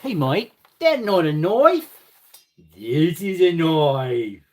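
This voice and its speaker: Man doing a cheeky outback bushman, overdone twang, pitched up high. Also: huge pitch swings, slow pace, noisy background, heavily acted. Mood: playful. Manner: exaggerated mock Australian twang. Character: jokey Australian bushman with a big knife, male adult.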